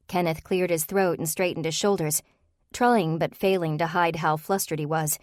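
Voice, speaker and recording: A woman reading a cozy mystery novel aloud in a steady, even manner. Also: sits low, normal speed, no echo, studio quality. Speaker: audiobook narrator. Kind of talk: scripted narration.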